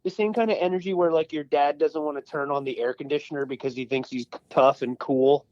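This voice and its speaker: A man's voice: a little high, fairly even intonation, brisk, a little mellow, dry recording, lo-fi sound. A man co-hosting a podcast, swapping stories in casual chat and swearing now and then. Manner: swearing, storytelling. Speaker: podcast co-host.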